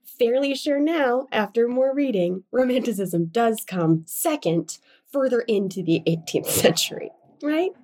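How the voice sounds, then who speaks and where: A woman's voice: a little high, lively intonation, unhurried, a little mellow. A woman co-hosting a casual book-club podcast, chatty and self-deprecating, laughing often. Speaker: podcast co-host.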